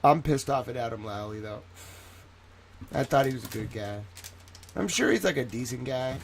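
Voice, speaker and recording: A man's voice: medium pitch, lively intonation, moderate pace, creaky, slight background noise. A man giving rambling, reactive commentary on a livestream, swearing freely.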